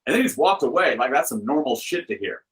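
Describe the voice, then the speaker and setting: A man's voice: mid-range voice, fast, poor audio. A man, a film director and author, guesting on a podcast and telling a story in a loose, chatty way with plenty of filler words. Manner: lively anecdote-teller with loose filler words; acts out the people he quotes with shifted voices. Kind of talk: casual storytelling.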